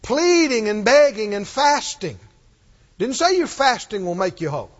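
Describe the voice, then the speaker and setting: High-voiced preacher in an echoing hall. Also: male voice, big pitch swings, normal speed. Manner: emphatic and repetitive, leads call-and-response. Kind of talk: sermon. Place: church. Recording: muffled, with long hall reverb.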